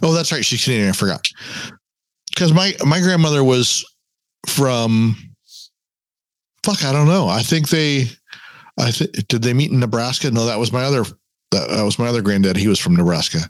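A man co-hosting a podcast, talking in a loose, rambling way with jokes and false starts. His voice sits at an ordinary middle pitch. The sound is close and dry. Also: normal speed, pauses often, dry recording. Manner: rambling, joking, many restarts. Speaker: podcast co-host. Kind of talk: casual chat.

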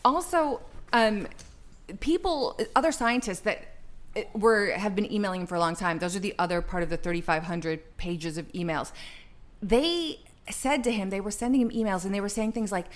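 A woman co-hosting a casual talk show, animated and sarcastic in her delivery. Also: mid-range voice, moderate pace. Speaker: co-host.

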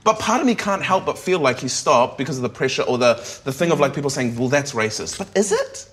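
A comedian talking candidly in an interview, thinking aloud with frequent restarts and tag questions. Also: male voice, on the high side, big pitch swings, fast talker, fairly bright tone. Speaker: comedian guest.

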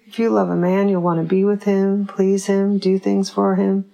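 A woman's voice: medium pitch, flat delivery, moderate pace, vocal fry, warm tone, close to an everyday voice. A woman reading the part of a scornful, witty older mother with a Texan twang and a sneer.

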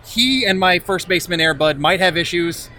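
A man's voice: sits high, normal speed, bright, forceful tone. A man co-hosting a podcast live at a comic convention, chatting casually, joking, laughing and swearing. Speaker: podcast co-host. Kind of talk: casual chat, reviewing and drafting.

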